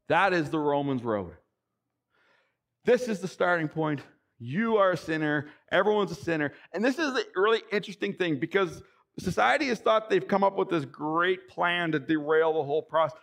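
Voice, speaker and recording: Excitable high-voiced preaching man. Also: vocal fry. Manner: excitable, emphatic preaching with sudden bursts; reads scripture passages aloud. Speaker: pastor. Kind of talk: sermon.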